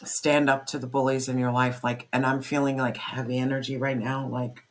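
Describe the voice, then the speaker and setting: An intense tarot reader talks straight to the listener in a fiery pep-talk, hammering points home with repeated phrases and plenty of swearing. The pitch sits in a middle range, neither high nor low. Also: level tone, normal speed, a little hiss or hum. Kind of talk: spoken tarot reading to camera.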